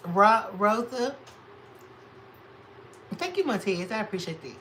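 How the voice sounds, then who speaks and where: With long pauses and a measured pace, a high-voiced man from Chicago talks back to his chat while doing drag makeup on a livestream. He's sassy and animated as he reads comments, and the rough recording has slight background noise.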